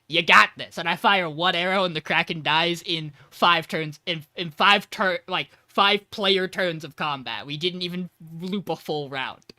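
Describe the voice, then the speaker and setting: A man's voice: high-pitched, a little slow, few pauses, sharp tone, no room sound. A man co-hosting a podcast, casually retelling a tabletop game session and acting out quoted lines. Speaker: podcast co-host. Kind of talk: casual storytelling recap.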